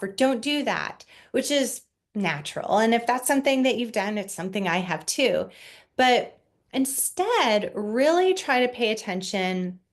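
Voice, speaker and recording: Woman counselor talking parents through tips, gentle and reassuring, even mid voice. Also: mid-range voice. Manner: calm, gentle and reassuring, with everyday fillers. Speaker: family counselor. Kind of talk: parenting advice talk.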